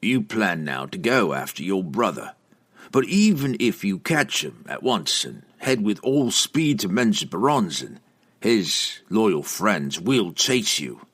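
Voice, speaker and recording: A man voicing a grim, cunning male assassin in an audiobook, speaking in a low, measured way. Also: big pitch swings, fairly bright tone, exaggerated voice.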